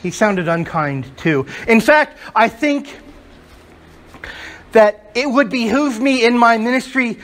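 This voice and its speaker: A male pastor preaches to his congregation in a voice that sits high for a man. He is emphatic and leans on rhetorical questions to carry the point. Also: fairly bright tone. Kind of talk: sermon. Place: church before a congregation.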